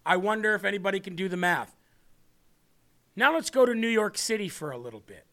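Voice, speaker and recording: A man's voice: high voice, animated, fairly quick, fairly bright tone. A man hosting a political talk show, rambling and sarcastic as he speaks to the audience. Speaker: show host.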